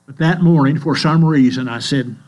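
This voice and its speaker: An older man preaching a sermon in a church, telling stories in a slow, earnest way. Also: fairly high pitch, darkish tone. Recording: mains hum in the background.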